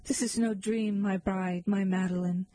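A woman voicing an ardent young male lover as she reads a narrative poem aloud, in a slow, measured recitation. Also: mid-range voice, fairly even intonation, mellow, no room sound, lightly acted, poor audio. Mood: tender pleading.

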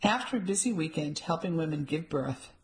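Woman narrator, first-person audiobook, measured and even. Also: sits low, poor audio.

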